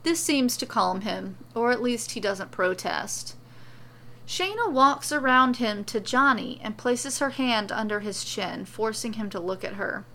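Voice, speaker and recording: A woman reading a serialized story aloud as its storyteller, with steady, even narration. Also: a little high, unhurried, a little hiss or hum.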